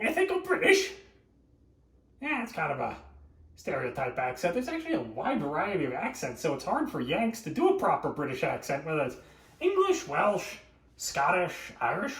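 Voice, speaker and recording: A man with a fairly high, slightly bright voice hosts a live cooking stream, chatting and joking with viewers and laughing often. He sits far from the mic in an echoey room.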